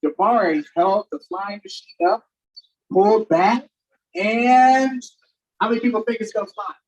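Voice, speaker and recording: A woman reading a picture book aloud for a virtual storytime, animated and inviting listeners to join in. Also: mid-range voice, unhurried, recorded from a distance, low-quality recording. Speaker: storytime reader. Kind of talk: children's story read-aloud.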